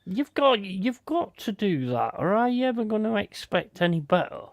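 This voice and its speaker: A man hosting a live football watch-along stream, bantering bluntly with a co-host and shouting out viewers in chat. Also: high voice, very animated, normal speed, no room sound.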